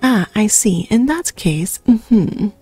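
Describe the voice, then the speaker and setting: A woman's voice: mid-range voice, expressive, slow pace, warm tone, faint music behind. A woman voicing a polite, fussy male owl museum curator in a video game, reading his lines in a formal, old-fashioned way. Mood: explanatory. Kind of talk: reading game dialogue aloud in character.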